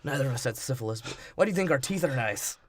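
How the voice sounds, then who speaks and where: A man's voice: medium pitch, lively intonation, rapid-fire. A man co-hosting a podcast, chatting casually about a movie in an offhand, wisecracking way. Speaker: podcast co-host. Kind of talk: casual comedic movie chat.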